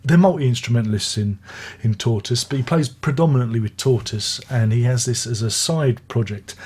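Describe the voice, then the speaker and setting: An older man from Britain, reviewing music, has a husky, slightly mellow voice of medium pitch at normal speed. His album review is casual and rambling, full of restarted sentences and chatty digressions.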